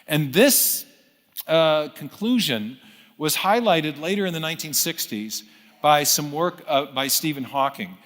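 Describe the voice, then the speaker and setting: Man, lecture storyteller, slightly high voice, restarts often, long reverb of a big hall. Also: normal speed, fairly bright tone. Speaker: speaker. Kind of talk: unscripted lecture.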